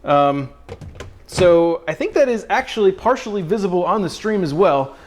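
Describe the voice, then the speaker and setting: A man's voice: high-pitched, animated, normal speed, a little mellow. A man hosting a cooking livestream, chatting casually and addressing his viewers directly.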